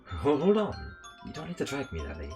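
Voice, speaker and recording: A man voicing a weary, mild young man of the house, quiet and hesitant. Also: medium pitch, wildly swooping pitch, fairly quick, faint music behind.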